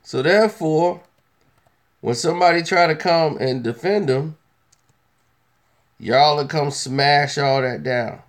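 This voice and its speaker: Sex: male. Role: host. Style: casual opinion commentary. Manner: emphatic, teasing, repetitive; voice slightly high. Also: slow, long pauses.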